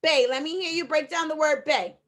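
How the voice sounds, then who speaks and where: A woman teaching a phonics lesson to young children, sounding out letters slowly and emphatically, with repeated encouragement. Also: sits high, fairly bright tone. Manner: encouraging, repeats phrases to the class. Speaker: kindergarten teacher.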